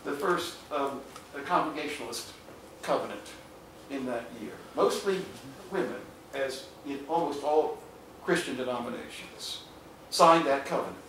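A man's voice: medium pitch, expressive, fairly bright tone. Older man lecturing in an echoey hall. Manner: halting, many fillers and restarts, chuckles. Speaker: historian giving a public talk. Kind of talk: public lecture with audience questions. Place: hall with an audience. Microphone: far room microphone. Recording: echoey hall, distant mic, noisy.

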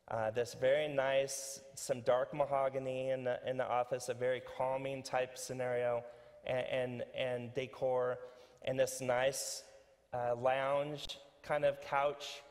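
A man's voice: mid-range voice, unhurried. Man preaching in a reverberant church. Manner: conversational, animated, frequent fillers and restarts. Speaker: pastor. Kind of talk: sermon. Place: church sanctuary.

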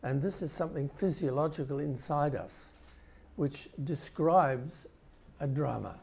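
An older male professor giving a conference keynote, explaining video clips with pauses and restarts. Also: on the high side, creaky, a little mellow, breathy edge. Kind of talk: conference lecture.

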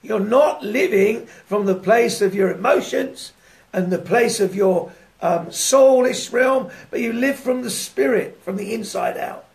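A man preaching a devotional sermon in a lively way, often laughing and putting rhetorical questions to his listeners. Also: high voice, unhurried.

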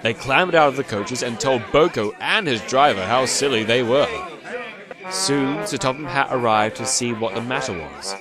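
Male storyteller, scripted narration, lively pitch, music behind. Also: moderate pace. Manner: expressive, animated telling. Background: background music.

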